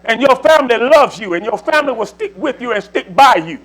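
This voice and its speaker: A man in his seventies with a drawl preaches to his congregation in a high, animated voice that swoops up and down. He talks in a folksy, repeating way, leaning on little asides to drive each point home. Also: brisk, rough recording. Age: 70s. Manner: folksy, repetitive, exhorting with 'see' and 'you know'. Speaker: church speaker. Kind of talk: preaching exhortation.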